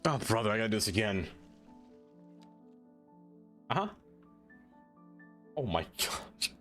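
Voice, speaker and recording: A man's voice: fairly low pitch, big pitch swings, slow pace, a bit bright, soft background music. A man streaming a city-building game, chatting casually with viewers in a playful, teasing way. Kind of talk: casual live-stream chat.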